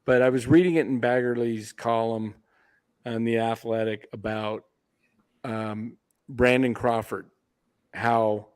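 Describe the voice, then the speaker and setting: A man's voice: medium pitch, fairly even intonation, slow pace, long pauses, a little mellow, clean tone. Rambling sports-talk man. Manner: rambling, hesitant storytelling. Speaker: podcast co-host.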